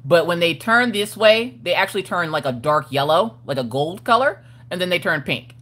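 Speaking at normal speed in a fairly low, expressive voice with a fairly bright tone, a woman hosts a casual crafting chat stream. She names her viewers as she greets them and reads their comments aloud with playful laughter.

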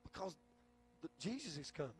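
A man with a notably high speaking voice preaches as pastor, slipping into folksy stories. He repeats words and restarts his phrases as he builds his point. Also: big pitch swings, fairly quick, breathy edge. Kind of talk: sermon.

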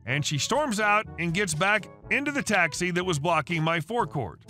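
High, bright synthetic male narrator. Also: animated, moderate pace. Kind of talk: scripted story narration. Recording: faint music underneath.

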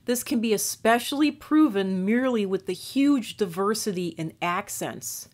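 A woman's voice: medium pitch, animated, moderate pace. Woman, faint Minnesotan accent, neutral American sound, casual rambling monologue, frequent restarts, video host. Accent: faint Minnesotan, mostly neutral American. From northern Minnesota, US. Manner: digressive, many restarts and fillers. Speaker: YouTube channel host.

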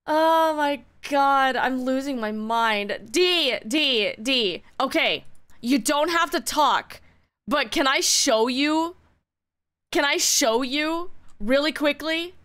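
A woman streaming and chatting, giddy, laughing a lot and swearing as she talks in excited bursts. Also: high voice, slow. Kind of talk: excited casual stream chat.

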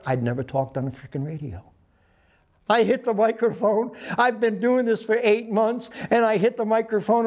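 A man's voice: high-pitched, animated, normal speed. Profane older man telling war stories. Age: 70s. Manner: profane, acts out voices and sound effects in his stories. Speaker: interviewee, veteran pilot. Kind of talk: animated storytelling.

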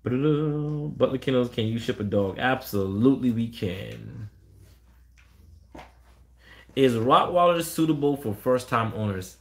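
A man's voice: mid-range voice, unhurried, vocal fry, pauses often. Blunt man on a live stream. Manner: blunt, animated, quotes callers in raised voices. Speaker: dog breeder answering live chat. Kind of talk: casual live stream chat.

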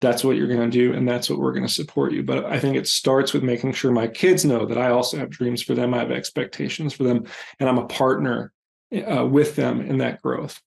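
A gravelly-voiced man in his forties speaks as a podcast guest, earnest and candid, with the odd pause. He sounds a little congested, and his pitch sits at an ordinary middle height. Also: level tone, a little mellow. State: congested, clears throat. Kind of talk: reflective interview answers.

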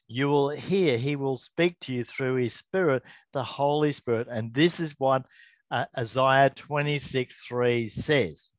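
A middle-aged man giving an informal Bible devotional to camera, earnest and chatty, often stopping to correct himself and slowing down to read verses. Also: medium pitch, fairly bright tone, dry recording. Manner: earnest, chatty, self-interrupting, reads scripture slowly. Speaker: Bible teacher.

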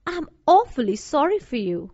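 Lady putting on a high eager little girl from a storybook, polite and curious, lively voice, dull lo-fi sound. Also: normal speed, dry recording. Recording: dull dry lo-fi recording.

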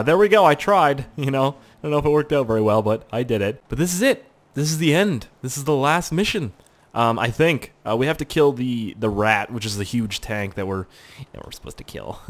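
A young man casually commentating a video game, goofy and joking, swearing freely. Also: mid-range voice. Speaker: gaming channel host. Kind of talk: casual let's play commentary.

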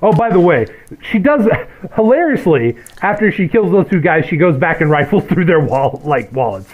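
A man's voice: fairly high pitch, sing-song, normal speed, narrow, tinny audio. A man co-hosting a podcast, chatting about a movie with wry, sardonic asides. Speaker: podcast co-host. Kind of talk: casual film recap chat.

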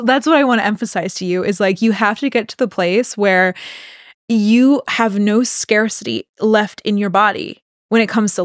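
A young adult woman co-hosting a podcast, telling a personal story in a casual, animated way, laughing often and acting out what people said. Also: mid-range voice, no echo, clean studio sound. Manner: animated, laughing, quotes people in acted voices. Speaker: podcast co-host.

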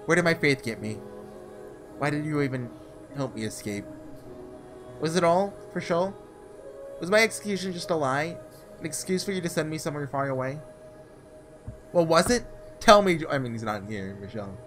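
A man's voice: a little high, expressive, normal speed, long pauses, a bit bright, soft background music. A man reading a visual novel aloud, voicing a tormented young man who cries out in raw, desperate anguish.

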